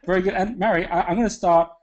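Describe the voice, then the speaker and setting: A man hosting a live online call, upbeat and chatty, often pausing with fillers and restarting sentences. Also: high voice, a little mellow, lo-fi sound. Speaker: webinar host.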